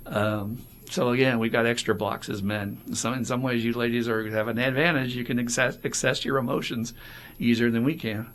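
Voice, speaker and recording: A man co-hosting a casual recovery podcast, talking openly and acting out quoted voices with animated energy. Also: lowish voice, brisk, slight background noise. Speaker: podcast co-host.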